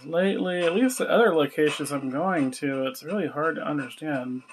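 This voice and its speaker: A man's voice: on the high side, normal speed, a little hiss or hum. A man at home running a spirit box session, patiently asking spirits questions and coaxing them to speak up. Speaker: paranormal investigator. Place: at home, indoors.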